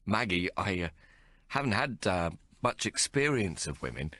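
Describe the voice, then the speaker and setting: A man's voice: fairly low pitch, wildly swooping pitch, normal speed, fairly bright tone, no room sound, heavily acted. A man voicing a bashful young man who stammers and hesitates, in an audiobook.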